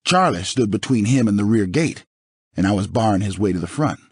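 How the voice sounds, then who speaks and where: Audiobook narrator, male, low husky voice, lively dramatic delivery, dry studio sound. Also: a little fast, no echo. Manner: dramatic, expressive reading. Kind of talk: first-person audiobook narration.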